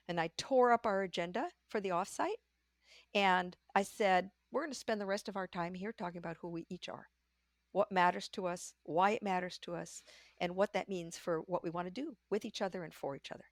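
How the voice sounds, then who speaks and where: An older woman, a podcast guest, telling candid stories about her career in a lively way and acting out the voices she quotes. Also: mid-range voice, moderate pace, dry recording, studio quality. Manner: lively storyteller who acts out quoted voices. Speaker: podcast guest, leadership coach. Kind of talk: candid conversational storytelling.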